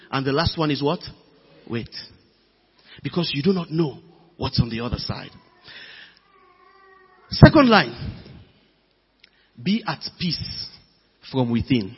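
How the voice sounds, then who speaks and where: Preacher, male, high and husky, lively delivery; dull recording, long hall echo. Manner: animated, emphatic preaching with sudden loud bursts. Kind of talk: sermon.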